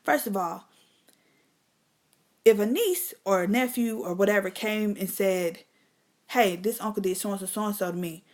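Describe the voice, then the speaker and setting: A woman's voice: mid-range voice, a little slow, pauses often, darkish tone. A middle-aged woman hosting a live stream, telling a personal story candidly and bluntly, with lots of cursing, and talking straight to her viewers. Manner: blunt, emphatic, profane, addresses viewers as y'all.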